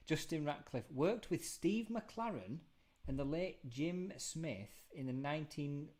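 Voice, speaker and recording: A man's voice: fairly high pitch, animated, measured pace, a little mellow. Teasing man in his thirties. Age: 30s. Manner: teasing, laughs often, rambling anecdotes. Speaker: host. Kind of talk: casual chat on a video call. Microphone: video call.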